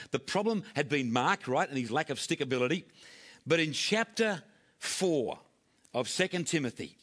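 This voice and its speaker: A man pastor delivering a sermon, moving from loud, emphatic scripture readings to quiet, hushed asides. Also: mid-range voice.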